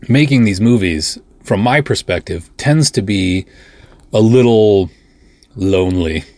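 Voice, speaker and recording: Male podcast host, middle-aged, low husky voice, dry close sound, joking and self-deprecating. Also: animated, a little slow, darkish tone, no echo. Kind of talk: casual monologue.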